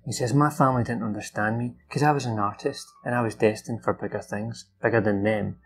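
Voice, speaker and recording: Gravelly man rambling through a film recap. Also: lowish voice, steady tone, brisk, over music. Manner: rambling, many fillers and restarts, swears. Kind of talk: casual off-the-cuff recap.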